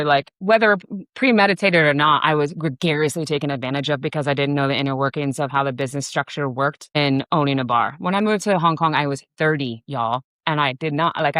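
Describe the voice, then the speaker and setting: A woman's voice: low-pitched, dry recording. A woman in her forties, a bar owner from the United States, telling a story in a casual interview with lots of fillers and swearing. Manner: profane, animated storyteller with many fillers.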